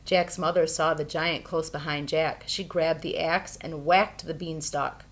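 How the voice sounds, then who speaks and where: A woman reading a fairy tale aloud for children, expressive and playful. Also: low-pitched, a little slow. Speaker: storyteller. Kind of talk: children's storybook read-aloud.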